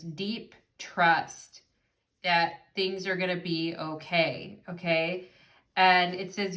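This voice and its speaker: A young woman with a slightly low voice gives a chatty tarot reading to her viewers. She talks in an effusive, casual way, calls them "you guys", and reads guidebook passages aloud. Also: fairly bright tone. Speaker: tarot reader.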